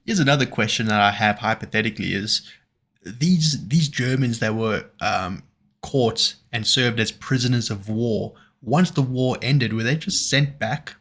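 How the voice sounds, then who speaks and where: A man's voice: medium pitch, measured pace, fairly bright tone. A man with a South African accent hosting a reaction video, musing aloud and putting questions to his viewers. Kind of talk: reaction commentary.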